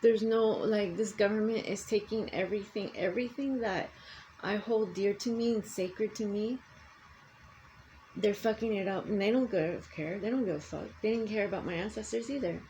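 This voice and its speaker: A woman's voice: mid-range voice, moderate pace, warm tone, a little hiss or hum, rough recording. An older woman in a personal vlog, ranting angrily and swearing often. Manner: angry profane ranting.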